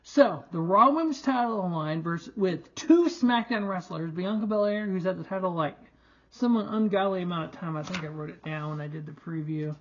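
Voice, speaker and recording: A man's voice: high voice, normal speed. Annoyed young guy cussing through a wrestling recap, dull lo-fi mic. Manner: frustrated, profane ranting with restarts. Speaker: wrestling show reviewer. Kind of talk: casual solo review, ranting.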